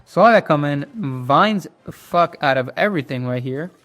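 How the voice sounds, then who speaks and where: A man's voice: on the high side, animated, normal speed, a bit bright. A young man telling a story and commenting on his own gameplay in a loose, joking way, swearing freely. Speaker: gaming youtuber.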